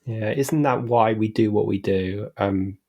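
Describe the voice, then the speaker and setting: A man's voice: fairly low pitch, unhurried, muffled recording. A man hosting a podcast interview, asking questions and briefly affirming his guest. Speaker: podcast host.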